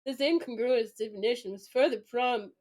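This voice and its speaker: High-voiced gleeful woman streamer. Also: normal speed. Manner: animated and gleeful, breaks into laughter and mock outrage; casual, full of likes and you-knows. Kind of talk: reading an academic article aloud with live commentary.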